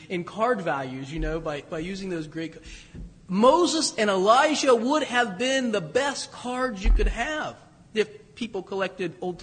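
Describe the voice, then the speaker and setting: A priest preaching a sermon, his voice pitched high for a man. He talks in a loose, conversational way with asides. The sound rings with the long reverb of a church. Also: a bit bright, slightly rough. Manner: conversational, self-deprecating, with restarts and asides.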